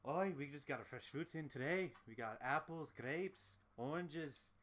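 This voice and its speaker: A hearty tavern bartender, put on by a man with a mock Scottish-Irish brogue, friendly and a little gruff. He serves customers with an easy, welcoming manner. The voice sits fairly high. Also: moderate pace, crowd noise, natural voice. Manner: hearty, calls people lass.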